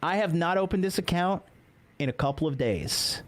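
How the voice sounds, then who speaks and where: A young man hosts a live-streamed dating podcast, talking in a loose, brash and joking way with lots of swearing. His voice sits a little high for a man. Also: lively intonation, normal speed, a crowd in the background. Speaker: podcast host. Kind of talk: casual live-stream chat.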